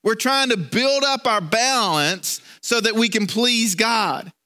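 A man's voice: extremely high pitch, slow pace, sharp tone. A man preaching a sermon in a conversational way, often repeating words and restarting as he tells a story. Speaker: pastor.

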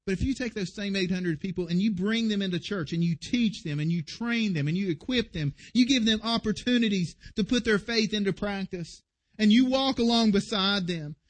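A man's voice: high-pitched, normal speed. A man preaching a sermon as pastor, earnest and emphatic.

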